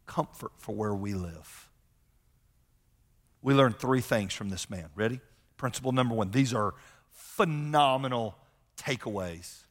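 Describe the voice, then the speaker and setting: A man's voice: mid-range voice, a bit bright. A middle-aged man preaching a sermon as a pastor, emphatic, repeating key phrases and telling personal stories. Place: large church sanctuary. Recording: long hall reverb from sanctuary.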